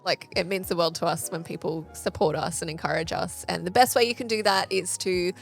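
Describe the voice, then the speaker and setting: A woman in her thirties co-hosting a parenting podcast, telling stories in a casual, animated way and acting out the quoted lines. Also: fairly low pitch, fairly quick, creaky. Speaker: podcast co-host. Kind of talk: casual chat.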